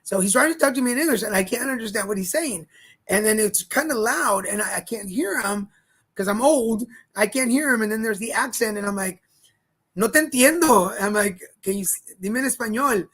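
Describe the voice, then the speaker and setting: A man co-hosting a casual livestream chat show, telling a story in a lively way and acting out the other people in it. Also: sits high, fairly quick, husky. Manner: animated storyteller, acts out quoted lines. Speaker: co-host.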